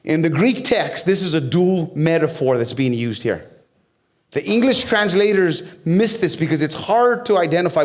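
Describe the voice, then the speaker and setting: A man preaching a sermon in a fairly high voice. He talks to the congregation like he is chatting with them, asks them questions and cracks jokes. Then he builds up to loud, soaring peaks. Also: expressive, moderate pace. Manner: conversational with humor and direct questions to the crowd. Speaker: pastor.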